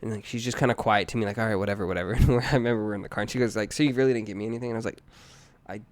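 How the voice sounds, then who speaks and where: A man in his thirties co-hosts a casual podcast, rattling off a long personal story at a quick clip. He rambles, trips over his own restarts and piles on fillers. He chuckles at himself as he goes. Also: lowish voice, steady tone. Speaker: podcast co-host.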